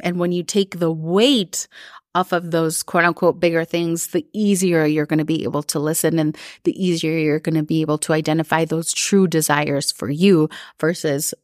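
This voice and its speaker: Chatty woman with a lowish voice. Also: no room sound, studio quality. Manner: chatty, lots of "like", quick put-on voices for others. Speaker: coach and podcast host. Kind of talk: casual live-recorded talk.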